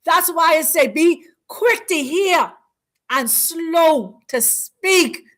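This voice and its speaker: High-voiced woman preaching with emphasis. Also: lively intonation, fairly bright tone. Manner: preacherly, repetitive, emphatic, drawn-out phrases. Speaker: host. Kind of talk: spiritual teaching talk.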